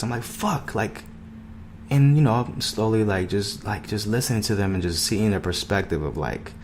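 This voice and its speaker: Low-voiced young man rambling profanely. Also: darkish tone, slight background noise. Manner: profane, loose and conversational, lots of fillers. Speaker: podcast host. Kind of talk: casual rambling monologue.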